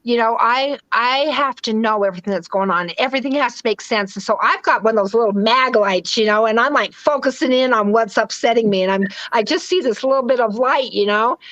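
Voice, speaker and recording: A woman's voice: fairly high pitch, a little fast, hardly any pauses, a bit bright, no echo, dull audio. A woman from the western United States, a guest in a casual interview, talking animatedly, acting out her own inner voice and laughing easily. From western United States (Utah, Idaho).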